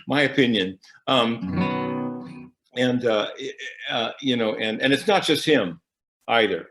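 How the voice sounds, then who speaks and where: A man who is a musician, speaking casually at a church service with wry joking asides and a halting delivery full of restarts. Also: mid-range voice, music in the background. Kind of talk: casual spoken reflection.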